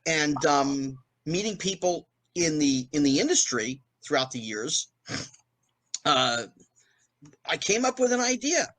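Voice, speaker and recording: A man in his fifties from New Jersey, a guest in an interview, telling a fast anecdote and acting out the quotes with big jumps in pitch. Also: sing-song, a bit bright, dry recording. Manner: fast storytelling with acted-out quotes, rising pitch on punchlines. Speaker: guest, former child actor.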